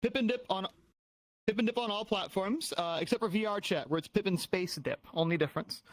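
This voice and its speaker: A man's voice: high-pitched, fairly quick, dry recording. A man talking as a guest on a casual stream interview, easygoing with many fillers.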